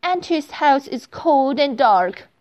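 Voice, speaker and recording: A woman voicing a tiny, gentle fairy-tale girl in a high, sweet, earnest voice for a storybook reading. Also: expressive, slow, lo-fi sound. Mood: wistful.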